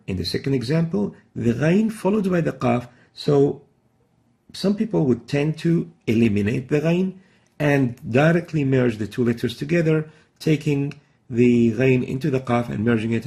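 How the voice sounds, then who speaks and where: A man teaches a recorded recitation lesson, explaining each pronunciation mistake step by step before sounding out the Arabic letters himself. His voice is medium-pitched and warm, with vocal fry, at a moderate pace.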